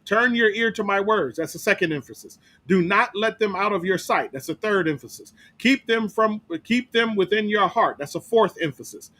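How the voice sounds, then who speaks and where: High-voiced pastor teaching Bible study. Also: male voice, lively intonation, normal speed, hardly any pauses, sharp tone. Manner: emphatic, repetitive, with rhetorical "right?". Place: church.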